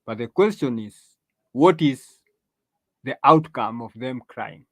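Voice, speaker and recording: A man's voice: medium pitch, expressive, slow pace, dry recording. A man hosting an opinion monologue, lecturing emphatically, drawing out stressed phrases, with frequent restarts and rhetorical questions. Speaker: host.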